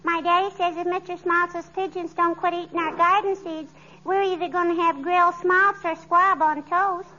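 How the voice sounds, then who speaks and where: A woman's voice: very high-pitched, steady tone, normal speed. A woman playing an eager, scheming little neighbor girl in a 1940s radio comedy. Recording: dull lo-fi old radio recording with faint hiss.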